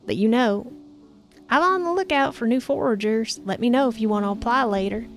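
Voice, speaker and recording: A woman's voice: on the high side, fairly quick, soft background music, lightly acted. A woman voicing a friendly young woman forager with a Kentucky accent, talking in a breezy way in a story game.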